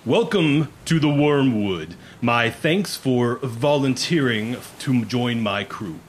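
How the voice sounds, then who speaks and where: Man playing a booming pirate captain, slow and commanding, stern. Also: expressive, slight background noise.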